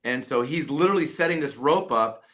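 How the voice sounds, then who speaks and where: A man with a bright, forceful voice, guest on a podcast. He tells an animated story and keeps checking in with "right?", restarting his sentences as he goes. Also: medium pitch, fairly quick. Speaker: jump rope company CEO and coach.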